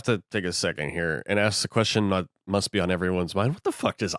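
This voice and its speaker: A man's voice: low voice, brisk, fairly bright tone, no room sound, studio quality. A man casually retelling a novel in an irreverent, sardonic way, swearing freely. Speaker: host, book reviewer. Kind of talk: casual profane book retelling.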